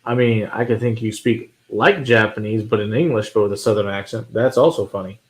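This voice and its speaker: Man, lowish voice, livestream host, casual chat, reads viewer comments, laughs a lot. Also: fairly even intonation, a little fast. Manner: chatty, laughs often, amused.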